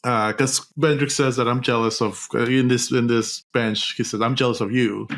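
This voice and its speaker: A young man co-hosting a podcast, casually recapping a film, animated and laughing, with sudden high-pitched outbursts. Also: moderate pace. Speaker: podcast co-host.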